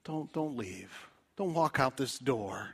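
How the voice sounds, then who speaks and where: Slow, dramatic male preacher. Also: medium pitch, expressive, husky. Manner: dramatic, swings from loud appeals to hushed whispers. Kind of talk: evangelistic sermon. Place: church.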